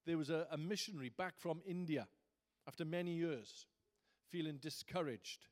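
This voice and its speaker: A man's voice: on the high side, moderate pace. A man preaching a sermon as pastor, conversational at times and rising to fervent emphasis.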